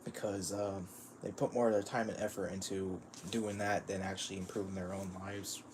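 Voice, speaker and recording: A man with a fairly low voice gives loose, casual livestream commentary on a manga he is reading. He rambles, stacks up fillers and breaks into chuckles as he goes. A faint hum of noise sits under his desk-mic sound. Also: level tone, normal speed. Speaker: streamer reviewing manga.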